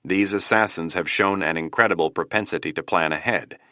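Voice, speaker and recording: A man's voice: sits low, brisk, bright, forceful tone, no room sound, clean studio sound. A man voicing a blunt, matter-of-fact male Secret Service chief.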